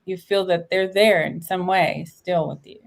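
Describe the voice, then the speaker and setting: A woman in her late thirties, a guest in an interview, talking in an animated, expressive and upbeat way. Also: on the low side, a little slow, creaky. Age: 30s. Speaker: guest, veteran and entrepreneur. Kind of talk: casual interview chat.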